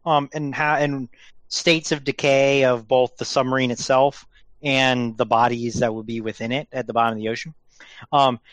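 A man hosting a casual podcast chat, rambling along with plenty of ums and restarts. His voice sits at an ordinary middle pitch and sounds dry and close to the mic, with no room around it. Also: a bit bright, no room sound. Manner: rambling, many restarts and fillers. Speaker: podcast host.

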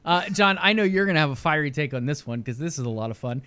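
A man's voice: a little high, expressive, fast, bright, forceful tone, clear, resonant tone. A man co-hosting a casual gaming news stream, chatty and laughing easily with filler words. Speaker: podcast co-host.

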